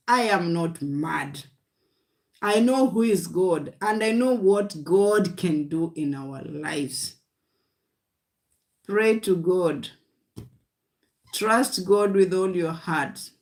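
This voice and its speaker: A woman's voice: mid-range voice, very slow, pauses often. A woman preaching a livestream sermon. She speaks in short, repeated exhortations and often calls her listeners "guys.". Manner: speaks in short declarations of faith.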